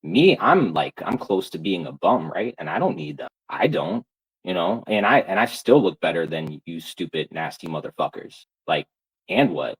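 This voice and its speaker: A man's voice: deep voice, animated, moderate pace, breathy edge, rough recording. A man streamer on a live-stream rant, angry, profane and taunting.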